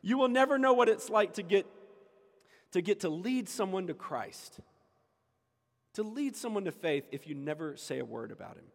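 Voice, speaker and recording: A man's voice: high-pitched, lively intonation, normal speed, vocal fry, long pauses. A man preaching a sermon as pastor, emphatic and repeating his key lines for the congregation. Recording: echoey hall with long reverb.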